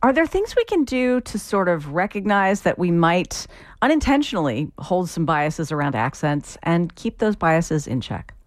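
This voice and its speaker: A middle-aged woman hosting a public radio interview, speaking in a measured, conversational way. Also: on the low side, very animated, no room sound. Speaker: radio show host.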